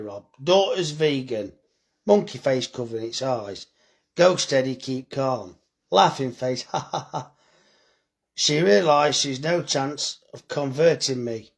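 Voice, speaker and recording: A tired man with a mid-range voice reads comments on a live phone stream about his butcher's shop, chatting bluntly and joking with plenty of swearing.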